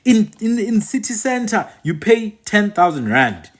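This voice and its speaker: Husky, lively South African man ranting. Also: high-pitched, measured pace. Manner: emphatic, repeats phrases for effect. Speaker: channel host and commentator. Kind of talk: opinionated monologue to viewers.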